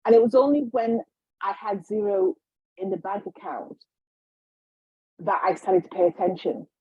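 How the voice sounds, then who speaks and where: A woman being interviewed as a guest healer, telling her story in a lively way and acting out the voices of the people in it. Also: medium pitch, normal speed, breathy edge, no echo. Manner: animated, acts out quoted voices. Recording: slightly dull lo-fi recording.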